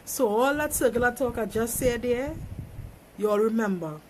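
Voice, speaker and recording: A woman's voice: a little high, moderate pace, slight background noise. A woman talking on a phone live stream, giving an emphatic, preachy motivational monologue and repeating phrases for effect. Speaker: small business owner.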